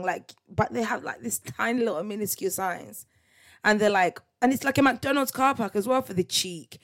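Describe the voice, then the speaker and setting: A young woman, chatting casually as the host of her own solo podcast. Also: medium pitch. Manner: chatty, laughing, tag questions like "you get me?". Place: parents' house.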